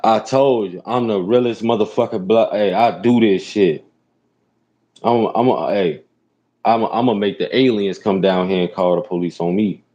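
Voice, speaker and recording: Lowish, dark-voiced man ranting profanely. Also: normal speed, lo-fi sound. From Chicago. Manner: loose, profane, repeats "real talk". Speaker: rideshare driver and show host. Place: inside a car.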